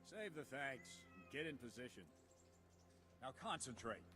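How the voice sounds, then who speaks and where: A man's voice: medium pitch, big pitch swings, normal speed, music in the background, close to an everyday voice. An actor playing a stern male army captain in a medieval video game, giving curt commands. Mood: commanding.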